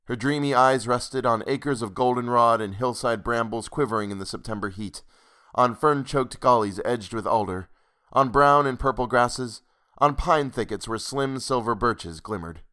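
A man narrating a classic ghost story in a measured, unhurried reading. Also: medium pitch, pushed and bright.

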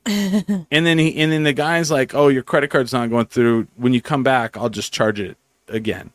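A podcast host tells a long story on a casual podcast, swearing freely and acting out quotes as an animated, profane storyteller. His voice is medium-pitched at a moderate pace, in a dry recording.

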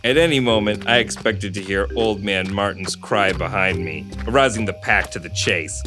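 A low-voiced man co-hosting a book podcast who reads a hard-boiled first-person crime novel aloud. Between passages he chats loosely and laughs often. Guitar music is clearly heard behind him. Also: normal speed. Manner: laughs often, says "like" often in chat, steady when reading. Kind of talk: casual book chat and first-person noir reading.

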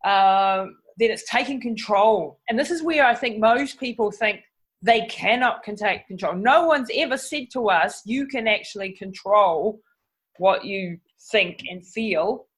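A woman's voice: mid-range voice, a little slow. A woman interviewing a guest, giving short affirmations and then summarizing his point in a conversational way. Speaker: interviewer host. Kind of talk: casual interview.

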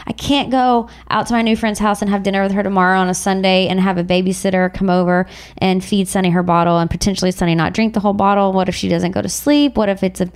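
A woman's voice: medium pitch, fairly even intonation, fast talker, clear, resonant tone. A woman in her thirties, a podcast host, talking through her week in a rambling, repetitive, heartfelt monologue. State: tearful. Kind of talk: emotional personal monologue.

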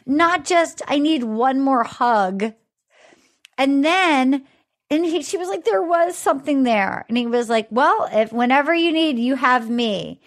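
A woman hosting a casual recap chat, acting out quotes and laughing loudly. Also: high voice, lively intonation, a little slow. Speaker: podcast host.

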